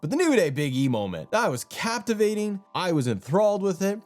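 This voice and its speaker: A man's voice: sits high, big pitch swings, a little fast, a little mellow. A young man hosting a wrestling channel, talking in a casual, rambling way with lots of restarts. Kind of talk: casual commentary.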